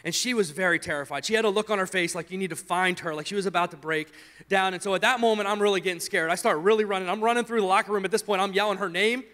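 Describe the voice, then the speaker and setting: High-voiced pastor telling a story in a reverberant hall. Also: male voice, racing. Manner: animated storytelling, acts out his own shouts. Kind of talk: sermon with personal story. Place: church sanctuary.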